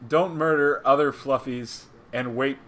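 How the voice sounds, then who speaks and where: A man's voice: mid-range voice, steady tone, measured pace, a bit bright. A man co-hosting a casual commentary stream, reading comic captions in a wry, exasperated way. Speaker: co-host reading comics aloud.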